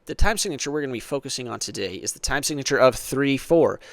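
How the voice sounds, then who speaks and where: A man's voice: medium pitch, expressive, fast, vocal fry, dry recording. A man teaching a church music lesson, explaining patiently, counting beats aloud, and often asking "right?". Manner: conversational, frequent "right?".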